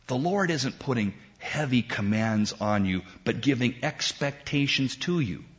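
A middle-aged man delivers a sermon in a church. He preaches slowly and emphatically, leaning on long dramatic pauses. His voice sits at an ordinary pitch, and the recording sounds dull and lo-fi. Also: expressive. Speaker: pastor.

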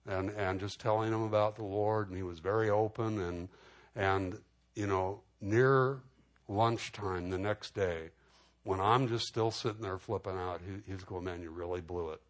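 A man with a somewhat low voice gives a storytelling sermon. He speaks casually, leaning on "you know" and restarting his sentences. He grows animated whenever he replays a conversation. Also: measured pace. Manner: animated when retelling exchanges.

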